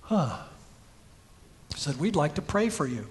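Guy preaching in church, pretty high voice, tells stories then gets loud and punchy. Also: very animated, slow, a little hiss or hum. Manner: storytelling preacher, rising to emphatic peaks. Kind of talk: sermon. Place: church sanctuary.

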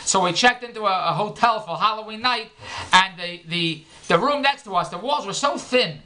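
Middle-aged man, bright-voiced joke-teller, loose and rambling, laughs at his own gags. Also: high voice, lively intonation, normal speed. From Philadelphia, United States. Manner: joke-telling, rambling, self-interrupting, laughs at himself. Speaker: vlogger and comedian. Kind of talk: rambling comedic vlog monologue.

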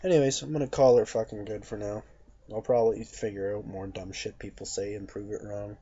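A man's voice: on the low side, fairly even intonation, brisk, mellow, breathy edge. A young man delivering a blunt, profane, mocking rant to camera as a vlogger. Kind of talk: ranting monologue to camera. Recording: dull lo-fi recording.

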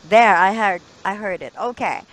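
A woman's voice: medium pitch, normal speed, a bit bright, poor audio. A woman teaching an English lesson over a video call, encouraging and correcting pronunciation.

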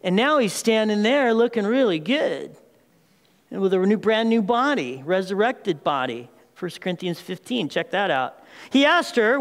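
Man, pastor, sermon, very high voice, animated storytelling, long church reverb. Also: a little slow. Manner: animated storytelling preacher, addresses the congregation as "people". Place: church sanctuary.

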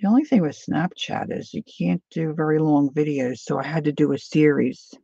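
A woman's voice: low-pitched, moderate pace, vocal fry, dark tone, breathy edge, no echo, lo-fi sound. A woman hosting a casual painting tutorial, chatty and often drifting into side stories as she works.

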